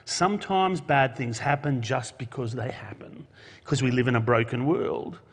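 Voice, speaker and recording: A man's voice: medium pitch, normal speed, breathy edge. A man preaching a sermon in an earnest way, asking rhetorical questions and pressing his points with emphasis. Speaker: pastor. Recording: long hall reverb.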